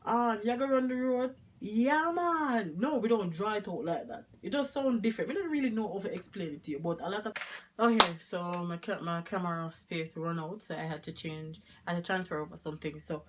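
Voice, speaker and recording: A Jamaican woman talks casually to her camera, rambling from point to point and dropping into patois now and then. Her voice sits fairly low for a woman. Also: fast talker, fairly bright tone, slight background noise. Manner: chatty, rambling, mixes in patois. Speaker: vlogger.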